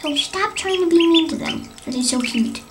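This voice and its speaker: A young woman hosts a casual home vlog, gushing over ducklings in affectionate baby talk. Her voice sits very high and bounces through a wide, animated range. Splashing water and heavy background noise run under the recording. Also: normal speed, roomy sound. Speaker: vlogger.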